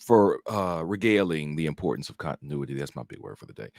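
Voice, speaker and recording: A man's voice: very deep voice, sing-song, quick pace, vocal fry, a little mellow, no echo, studio quality. A man co-hosting a casual sports chat show, making his points with earnest emphasis. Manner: emphatic, earnest opinion-giving. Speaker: co-host.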